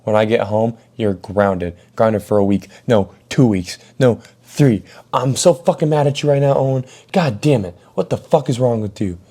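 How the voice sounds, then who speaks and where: A man voicing his angry mother, who yells, curses and keeps piling on punishments. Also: fairly low pitch, normal speed, lightly acted. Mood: furious. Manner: yelling, cursing, piling on punishments. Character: furious mother scolding her teenage son.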